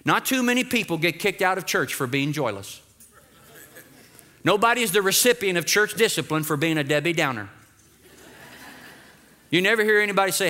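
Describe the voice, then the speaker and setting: Bright-voiced, high-pitched male preacher. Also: moderate pace. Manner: animated preaching, calls on congregation to repeat phrases. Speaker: pastor. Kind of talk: sermon.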